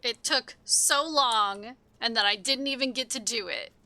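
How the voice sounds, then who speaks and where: A woman's voice: on the high side, a little slow, bright, forceful tone, no echo. A woman streaming a game, talking casually, swearing and laughing at herself when things go wrong.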